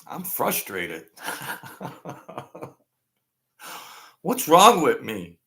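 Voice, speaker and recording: A man's voice: mid-range voice, huge pitch swings, extremely slow, vocal fry, pauses often, fairly bright tone. A man in his sixties hosting his own channel, rambling through a casual monologue in a chatty, self-mocking way and chuckling often. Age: 60s. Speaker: channel host.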